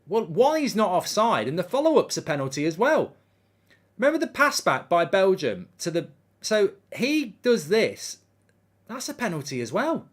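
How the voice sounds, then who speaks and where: A man's voice: sits high, moderate pace. A man hosting a live football watchalong, reading out viewer comments and ranting indignantly about refereeing calls. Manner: animated, indignant rants, reads viewer comments aloud.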